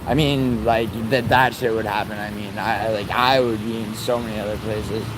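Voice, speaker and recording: A man's voice: fairly low pitch, steady tone, moderate pace. Young New man ranting outdoors. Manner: profane, teasing banter with chat. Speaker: livestreamer. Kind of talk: casual livestream chat with viewers. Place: outdoors on a city street. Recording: faint street and traffic noise.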